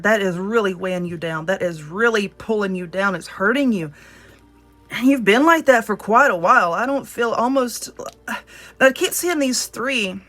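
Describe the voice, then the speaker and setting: A woman's voice: medium pitch, fairly bright tone. Earnest Southern woman reading cards. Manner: earnest, direct, addresses viewer as you. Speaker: tarot reader. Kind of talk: casual spoken card reading.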